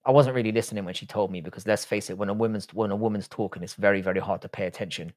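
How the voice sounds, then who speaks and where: A man's voice: on the low side, fairly even intonation, very fast, a little mellow. Irish man chatting on a livestream. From Republic of Ireland. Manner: profane, blunt, banters with chat. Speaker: livestream host reading chat. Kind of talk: casual livestream chat.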